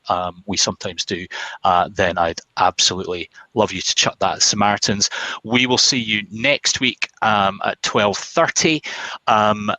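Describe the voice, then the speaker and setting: Brief: British man, webinar host, chatty and rambling, bright forward tone, dry close sound. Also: lowish voice, dry recording, low-quality recording. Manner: chatty, rambling, many ums and restarts. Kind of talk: casual webinar wrap-up with a told joke.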